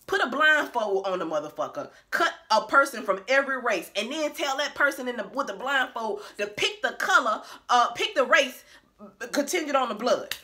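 Woman vlogger, casual rant, profane and blunt, forceful bright voice, slightly high. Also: animated, normal speed. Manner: profane, blunt and emphatic, laughing between points.

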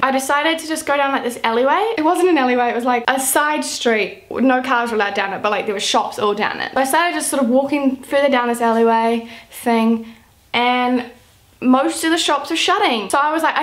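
A young woman from New Zealand chats to camera in a bright, high voice, telling a story at an easy pace. She peppers almost every sentence with "like," keeping the tone loose and casual. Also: fast talker. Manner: chatty, says "like" constantly. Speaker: vlogger.

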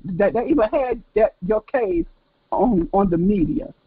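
A woman's voice: mid-range voice, very animated, unhurried, breathy edge, no room sound. A woman hosting a call-in ministry show, listening with sympathy and answering with short affirmations. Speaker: host. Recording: tinny phone line.

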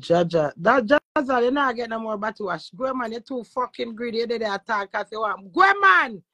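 A woman's voice: on the high side, a little fast, fairly bright tone, dry recording, rough recording. A Jamaican woman who is a social media influencer, chatting brashly and profanely in patois with her live-stream viewers. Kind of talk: casual live-stream chat.

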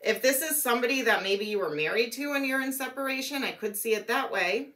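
A woman reading tarot cards aloud, musing and thinking out loud as she goes, her voice a little worn and hoarse. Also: on the high side, brisk. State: losing her voice. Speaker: tarot reader.

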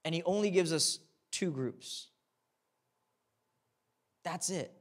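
A man's voice: fairly high pitch, slow. A young man, a pastor, telling a personal story in a sermon, acting out the dialogue and then preaching earnestly.

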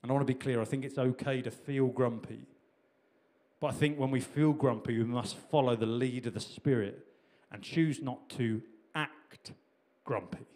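A man's voice: mid-range voice, normal speed, darkish tone. A middle-aged man preaching a sermon in a conversational way, with repetitions and restarts. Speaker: pastor.

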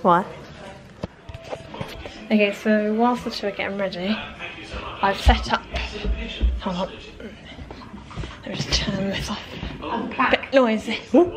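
A woman's voice: medium pitch, takes it slowly, long pauses, music in the background. A young woman chatting casually to camera in a vlog, giggly and rambling with lots of "like" and "um". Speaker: vlogger. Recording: noisy handheld vlog recording.

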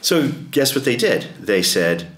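A man leading an adult class, telling a story in a conversational way, often clearing his throat and putting questions to the group. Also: medium pitch, very animated, measured pace, fairly bright tone. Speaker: adult education class leader. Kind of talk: informal lecture with storytelling. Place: church meeting room. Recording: echoey church room.

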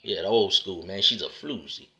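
A man giving a preachy monologue to other men. He talks in a street style, keeps calling the listener "man" and "brother," and moves between loud, punchy lines and low, drawn-out asides. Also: expressive, gravelly. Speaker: motivational speaker addressing men. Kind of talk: preachy direct-to-camera monologue.

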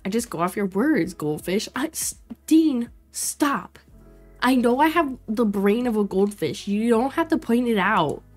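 Young female streamer, casual and chatty, laughs easily, mid-pitched, faint music bed. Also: animated, normal speed, hardly any pauses. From Florida. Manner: chatty, reacts loudly, laughs often, talks to chat. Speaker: streamer playing a life sim game.

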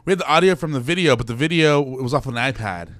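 A young man, a guest, chatting casually and telling stories in an animated way. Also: medium pitch, fast, no echo. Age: young adult. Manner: animated storyteller, laughs often. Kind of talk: casual chat.

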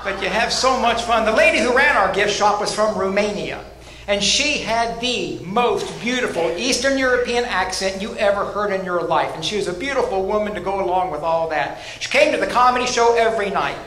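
Middle-aged stand-up, high voice, dry storytelling, roomy club with a faint hum behind. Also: male voice. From Louisville, Kentucky. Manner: deadpan storytelling with punchline pauses. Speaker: stand-up comedian. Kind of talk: stand-up comedy set. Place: comedy club stage. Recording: echoey room with faint ambience.

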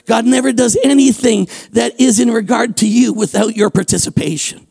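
A man preaching a sermon as pastor in a church, animated and rising to shouts. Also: very high voice, fairly quick, gravelly, hardly any pauses, husky.

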